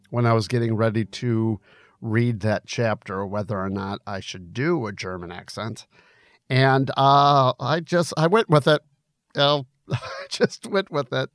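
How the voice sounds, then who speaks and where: A man's voice: mid-range voice, unhurried, faint music behind. A man reading his own novel aloud, then chatting casually about it with many hesitations and fillers. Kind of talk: audiobook narration then casual commentary.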